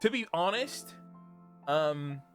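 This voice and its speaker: A man's voice: fairly high pitch, lively intonation, slow pace, soft background music. A young British man, a streamer, rambling through a casual chat and laughing often. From Britain.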